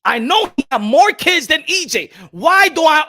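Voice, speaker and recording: A young man hosting a boxing talk show and ranting loudly, repeating himself, with sudden swings from shouting to low muttering. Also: very animated, normal speed, over music. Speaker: boxing commentary host. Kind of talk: animated opinion rant.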